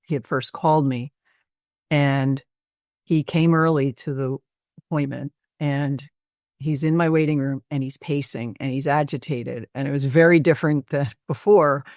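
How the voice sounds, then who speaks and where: A woman's voice: very deep voice, steady tone, moderate pace, a little mellow, no room sound, studio quality. A woman psychiatrist recounting a patient case, reflective, with frequent fillers.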